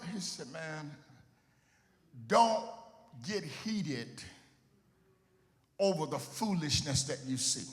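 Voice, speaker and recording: A middle-aged pastor, preaching a sermon in a sing-song cadence that swells into shouts, repeating words for emphasis. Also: male voice, on the high side. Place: church sanctuary. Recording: long hall reverb with faint music.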